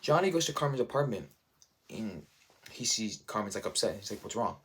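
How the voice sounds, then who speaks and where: Rambling, enthusiastic man with a lowish voice. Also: very animated, brisk, a bit bright. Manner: enthusiastic, rambling, many fillers. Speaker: show reviewer. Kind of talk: casual spoiler review.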